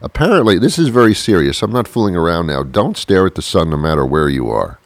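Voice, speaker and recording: A man with a very low, deep voice rambles through a deadpan comic monologue, full of mock-confused asides. The recording is dry and close, with no room sound at all. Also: fast talker, no echo. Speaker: comedian. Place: sitting on a porch outdoors.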